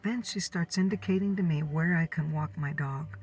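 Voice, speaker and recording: A woman in her fifties telling a neighborhood gossip story in a soft, whispered ASMR style. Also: deep voice, normal speed, few pauses, recorded from a distance, faint music behind. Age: 50s. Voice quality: breathy.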